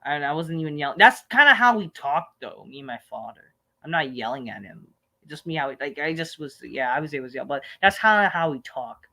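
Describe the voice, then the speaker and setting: Man, live stream Q&A host, rambling and profane, fairly high voice, animated. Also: a little fast. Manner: rambling, profane, animated, breaks into loud outbursts. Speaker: live stream host answering viewer questions. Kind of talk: casual live Q&A rant.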